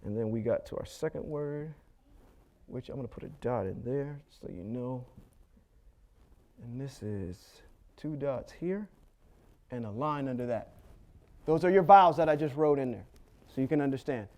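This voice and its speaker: A male Bible teacher with a mid-range, darkish voice leads a Torah study lesson at a moderate pace, with long pauses. He patiently explains Hebrew letters and vowels step by step, often checking in with "okay?" and slipping in small jokes.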